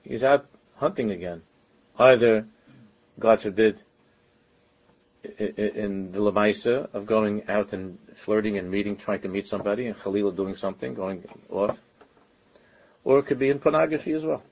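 Husky, low-voiced male religious teacher. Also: a little mellow, muffled recording. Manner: earnest, conversational, with frequent halting restarts. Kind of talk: informal Torah lecture.

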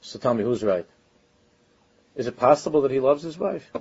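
A man's voice: mid-range voice, lively intonation, moderate pace, darkish tone, husky, lo-fi sound. A man giving an informal Torah lecture as a religious teacher, talking earnestly and conversationally and often stopping to restart his sentences.

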